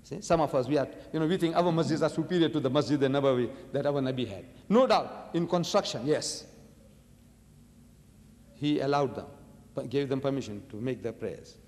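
A man's voice: medium pitch, fairly quick, darkish tone, big-room sound. A man giving a public religious lecture, emphatic and rhetorical, often putting questions to his audience.

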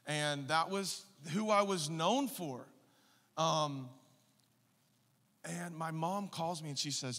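Thirties male pastor, passionate and forceful, in a reverberant church hall. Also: fairly high pitch, slow, long pauses. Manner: passionate, swings from quiet storytelling to loud urging. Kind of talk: sermon. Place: church sanctuary.

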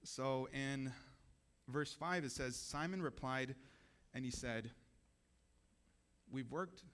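Casting: a male preacher with a mid-pitched voice, casual and conversational in a church service. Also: slow pace, fairly bright tone, clear, resonant tone. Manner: casual, conversational, asks the audience questions. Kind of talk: sermon.

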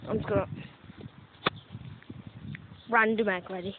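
A woman's voice: medium pitch, fairly even intonation, measured pace. Chatty young woman, tinny phone sound. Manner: chatty, self-mocking, swears casually. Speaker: vlogger. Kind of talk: casual commentary while playing a mobile game. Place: outdoors, walking around. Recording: tinny phone-like audio with faint noise.

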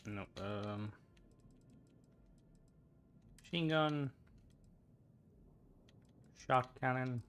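A man's voice: mid-range voice, extremely slow, fairly bright tone, slight background noise. A young Irish man chatting casually with viewers while streaming a game, rambling from one thought to the next. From Ireland.

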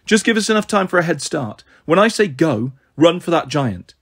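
A bold teenage boy hero takes charge in a fight, as a male narrator puts him on. He speaks in a husky, slightly high voice, urgent and commanding. It is a storybook reading of an adventure tale. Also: sing-song, normal speed, exaggerated voice.

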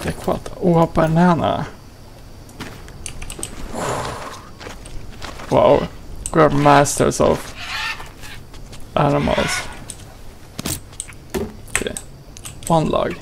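A man's voice: fairly high pitch, flat delivery, drawn-out words, vocal fry, long pauses, noisy background. A man hosting a gaming channel, giving playful, exclamatory let's play commentary and talking to his character.

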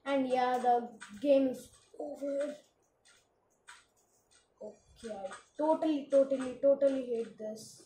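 A woman hosting her own gaming channel, talking through her play in a casual, excitable commentary full of exclamations. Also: high voice, takes it slowly, pauses often, reverberant, a little hiss or hum, low-quality recording.

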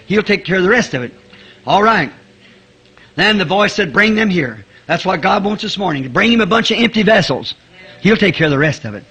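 Male preacher, high and ringing, wildly swinging pitch, shouts at the peaks. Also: animated, fairly quick, husky. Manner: fervent, rising to shouts, chuckling. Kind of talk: sermon.

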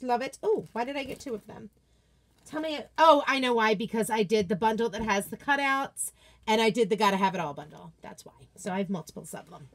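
An enthusiastic woman hosts a casual unboxing chat from her home office. She gushes over each item and answers her viewers in a chatty, excited way. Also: a little high. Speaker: craft product seller and video host.

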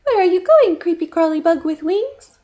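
A woman's voice: very high voice, lively intonation, normal speed, warm tone, voice pushed up. A woman doing a doubtful storybook bird. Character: doubtful bird warning a tiny bug.

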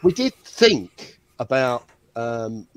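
A British man, a guest author, chatting over a video call and telling anecdotes in a measured way. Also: medium pitch, big pitch swings. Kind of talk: casual chat.

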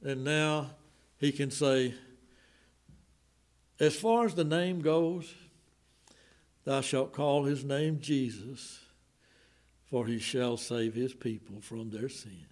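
A man with a Southern American accent preaching a sermon in a church, swinging from loud outbursts to hushed, slowed lines. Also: mid-range voice. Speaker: pastor. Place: church sanctuary.

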